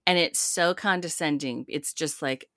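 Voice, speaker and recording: A woman's voice: low-pitched, normal speed, a bit bright, no room sound, studio quality. A woman co-hosting a podcast, chatting casually and sarcastically, laughing often as she recaps a show. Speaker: podcast co-host.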